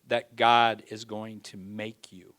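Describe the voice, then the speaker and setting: A man preaching a sermon, folksy in his phrasing, swinging from loud pleading to hushed, near-whispered lines. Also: fairly low pitch, level tone, slow.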